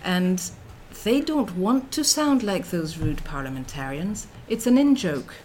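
A woman's voice: lowish voice, expressive, measured pace, warm tone, a little hiss or hum. A middle-aged woman giving an academic lecture as a researcher, speaking thoughtfully with frequent fillers and restarts.

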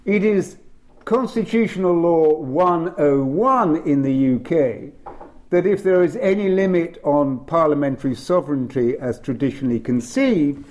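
A man speaking on constitutional law at a panel, emphatic and lively, with frequent fillers. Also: on the high side, unhurried. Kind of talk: lecture-style panel talk.

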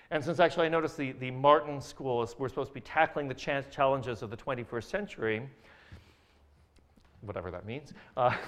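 A man giving an academic science lecture over slides, hesitant with many fillers and restarts, with dry jokes. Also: medium pitch.

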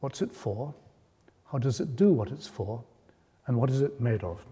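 A man giving a public lecture, speaking in a measured, explanatory way and lifting his voice on key points. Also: medium pitch, lively intonation, dark tone. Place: lecture hall. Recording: long reverb of a lecture hall.

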